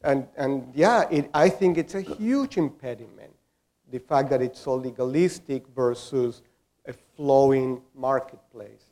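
A man's voice: mid-range voice, unhurried, warm tone. A man speaking as a panelist in a discussion, explaining his point with everyday examples.

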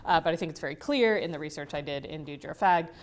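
A woman's voice: deep voice, fast. A woman giving an academic conference lecture, often checking in with the audience through tag questions and restarting her sentences. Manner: restarts and repeats words mid-sentence.

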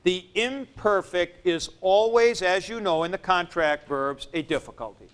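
A man teaching a Greek grammar lesson in a classroom, spelling out word forms deliberately, syllable by syllable. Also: high voice, smooth. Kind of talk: classroom lecture.

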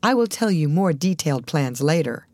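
A woman reading a brisk film manager. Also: low voice, very animated, darkish tone, dry recording, heavily acted. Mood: firm. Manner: firm, organizing, reassuring. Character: brisk middle-aged male film manager.

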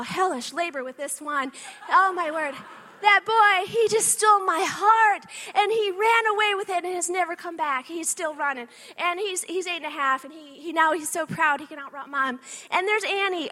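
A woman with a very high, bright voice speaks to a live audience. She gives a faith-based motivational talk, telling animated personal stories and often stopping to ask "okay?". She sounds like she is in her thirties. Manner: animated storytelling with frequent "okay?" asides.

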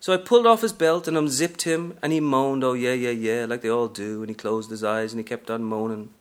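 A man's voice: mid-range voice, a little fast, close to an everyday voice. A man reading aloud from a novel, narrating as a brash, streetwise aging woman hustler in a sassy first-person style.

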